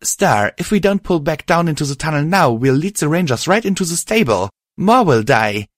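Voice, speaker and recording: Man voicing a young unicorn mare, raised pitch, shouting urgently, dry sound. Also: very animated, moderate pace, dry recording. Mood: urgent, pleading. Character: determined young female unicorn pony mare.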